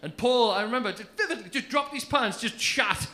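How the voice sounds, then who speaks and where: A man's voice: very high voice, fast talker, noisy background. A man, telling a crude story in brash stand-up style on a comedy club stage. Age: 30s.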